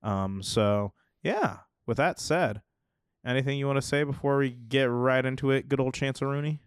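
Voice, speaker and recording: A man's voice: medium pitch, normal speed, clean tone, no room sound, studio quality. A man hosting a casual movie-news podcast, chatty and rambling, laughing easily as he talks. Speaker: podcast host.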